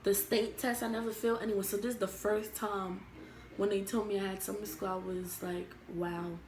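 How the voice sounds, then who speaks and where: A woman's voice: mid-range voice, level tone, moderate pace, darkish tone, a little hiss or hum. Chatty young woman vlogger, echoey room. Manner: rambling, filler-heavy storytelling. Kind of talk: casual storytime.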